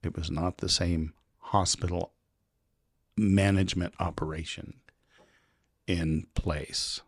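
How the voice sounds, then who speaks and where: A man's voice: low-pitched, slow, no echo, clean studio sound. Man rambling through a story. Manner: rambling, animated anecdotes with quoted voices. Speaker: podcast guest, local publisher. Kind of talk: casual storytelling chat.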